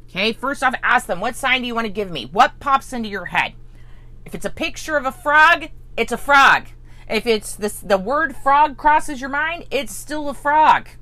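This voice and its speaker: A woman's voice: mid-range voice, pushed and bright. Earnest woman giving spiritual coaching. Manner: earnest, tags lines with "right?" and "okay?"; acts out listeners' inner voice. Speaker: spiritual teacher.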